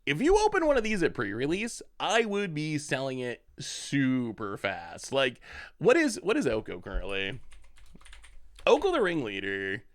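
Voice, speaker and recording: A man's voice: medium pitch, huge pitch swings, unhurried. A man streaming a card game, thinking aloud about his plays and chatting with viewers. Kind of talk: casual game commentary.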